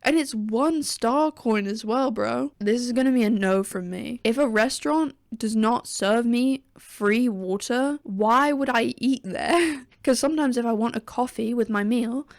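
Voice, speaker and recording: Gravelly-voiced woman ranting sarcastically. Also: fairly high pitch, normal speed, few pauses, darkish tone, dry recording, studio quality. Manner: ranting, sarcastic, swears freely. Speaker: gaming video creator. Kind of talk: casual tier-list commentary.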